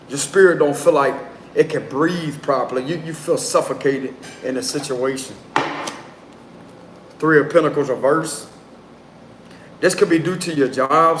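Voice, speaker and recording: A man doing a casual live tarot reading, talking in a loose, slangy way and prone to giggling. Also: fairly high pitch. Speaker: tarot reader. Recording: roomy echo, faint background noise.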